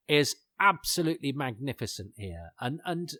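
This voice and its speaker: A man's voice: fairly high pitch, big pitch swings, moderate pace, few pauses, bright, forceful tone, no echo, studio quality. A man hosting a podcast, chatting casually and enthusiastically with lots of fillers and digressions. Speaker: podcast host. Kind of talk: casual commentary chat.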